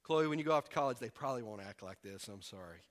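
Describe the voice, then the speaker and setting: A man from the preaching a sermon, animated and acting out voices with humor. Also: mid-range voice, quick pace. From American South. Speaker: pastor.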